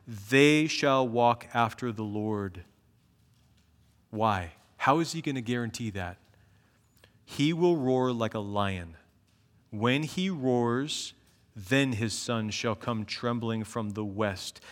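A man preaching an expository sermon, reading scripture and commenting on it. He talks earnestly, building to emphatic peaks and then dropping low and slow. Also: long reverb tail.

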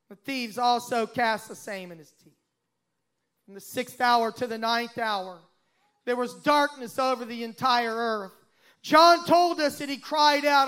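A pastor preaching a sermon and reading scripture aloud, with dramatic swells and sudden hushes. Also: male voice, very high-pitched, a little slow, smooth. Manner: dramatic, swelling and dropping to a hush.

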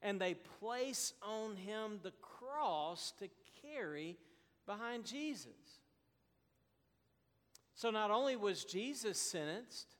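Man, pastor preaching, slow deliberate delivery, high voice, echoing hall. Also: a bit bright. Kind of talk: sermon.

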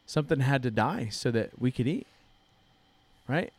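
A man's voice: mid-range voice, animated, normal speed, husky, no echo. A man in his thirties hosting a church podcast, telling a story in a casual, earnest way. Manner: earnest storytelling, frequent restarts. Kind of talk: casual chat.

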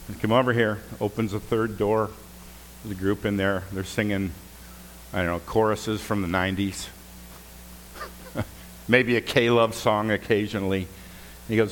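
A man preaching a sermon as pastor, telling jokes and stories in an animated way. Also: mid-range voice, unhurried, long pauses, poor audio.

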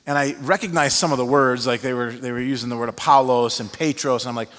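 A male pastor tells a story from the pulpit in a mid-pitched voice, animated and full of "uh"s. His words carry with a long reverb through a large hall. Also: fast, hardly any pauses. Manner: animated storyteller with frequent fillers. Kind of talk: sermon storytelling.

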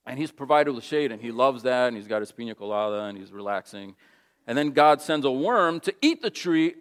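Male pastor, sermon, casual, conversational, animated storytelling. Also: mid-range voice, brisk.

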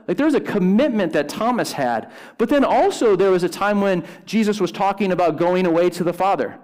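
A man with a slightly high voice preaches in a relaxed, conversational way. He speaks casually and with energy, dropping in everyday slang. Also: normal speed, few pauses. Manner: casual, animated preaching with frequent "like" and "dude". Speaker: pastor. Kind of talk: conversational sermon.

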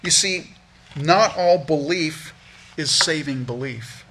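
A man's voice: a little high, slow pace, bright, forceful tone, a little hiss or hum. A man preaching as a pastor, earnestly teaching through a Bible passage verse by verse, often repeating words as he restarts a thought.

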